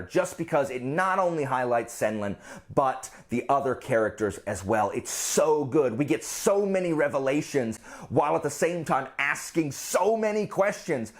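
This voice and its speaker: A man reviewing the books he read this month, gushing and excitable, with quick asides. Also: mid-range voice. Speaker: book reviewer. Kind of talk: casual monthly reading wrap-up.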